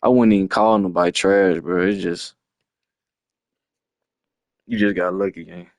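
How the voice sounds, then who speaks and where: A man's voice: low-pitched, steady tone, measured pace, dry recording, clean studio sound. A man, breaking down a lost football video game in a frustrated, slangy ramble on a livestream. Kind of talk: casual game replay breakdown.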